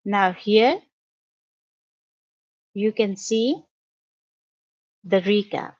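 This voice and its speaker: A woman teaching basic English grammar, explaining each step slowly and patiently over a screen lesson. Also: mid-range voice, darkish tone, no room sound. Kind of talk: slow, careful classroom explanation. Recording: dull, dry lo-fi audio.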